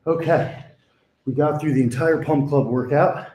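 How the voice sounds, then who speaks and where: This young fitness vlogger leans high in pitch, with a dark tone and a slightly slow delivery. Between exercises in a small gym he sighs and breathes hard while chatting casually. The audio is roomy, with a bit of hiss or hum.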